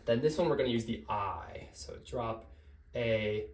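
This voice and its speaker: A man gives a casual grammar lesson at an everyday mid-range pitch, patiently laying out the rules step by step. He talks loosely, with plenty of fillers and quick self-corrections. The recording carries a noticeable room echo. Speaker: language teacher.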